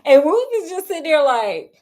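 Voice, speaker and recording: A woman with a somewhat high voice tells a movie story as casual chat. She talks sassily and drops in "honey" and "child" as she goes. She sounds like she is crafting at home while she talks. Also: sing-song, normal speed, darkish tone. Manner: chatty and sassy, peppered with "honey" and "child".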